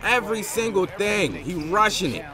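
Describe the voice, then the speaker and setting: A young man commentating his own basketball video game, loud and exasperated, yelling and swearing at the players. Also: high voice, sing-song, moderate pace. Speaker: gaming YouTuber. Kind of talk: live gameplay commentary. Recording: game music behind the voice. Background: game music and basketball commentary.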